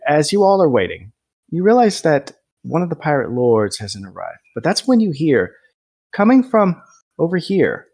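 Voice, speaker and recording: A young man narrating as game master, lively and quick to laugh. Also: mid-range voice.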